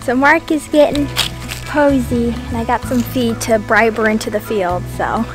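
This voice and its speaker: A woman with a Texan accent chatting excitedly to her camera outdoors on her farm, saying y'all constantly. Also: fairly high pitch, normal speed, over music. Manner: bubbly, says y'all constantly. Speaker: homestead vlogger. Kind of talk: casual chat to camera.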